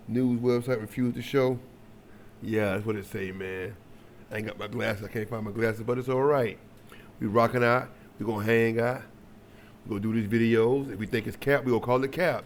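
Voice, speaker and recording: A man's voice: medium pitch, slight background noise. A man hosting a reaction video, chatting casually with slang and jokey asides.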